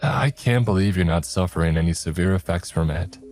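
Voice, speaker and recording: A man voicing a calm, kind woman doctor in a narrated horror story, speaking softly and earnestly. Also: sits low, a little fast, faint music behind, natural voice.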